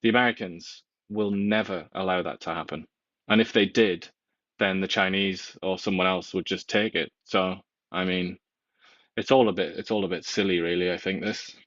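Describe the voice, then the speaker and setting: Low-voiced man, dull dry recording. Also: fairly even intonation, moderate pace, a bit bright, no room sound. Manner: blunt, dismissive opinions. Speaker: co-host. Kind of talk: casual political chat.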